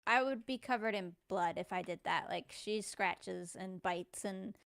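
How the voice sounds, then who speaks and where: A woman's voice: mid-range voice, a little slow, creaky, a bit bright. A woman chatting casually on a voice call, wry and understated, laughing at her own complaints. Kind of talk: casual chat.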